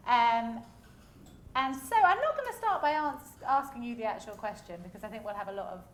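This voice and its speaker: Fast-talking woman chairing a panel. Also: a little high, expressive. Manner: fast-talking, chatty, laughs often. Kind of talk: festival panel moderating. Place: festival stage. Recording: echoey hall, faint ambience.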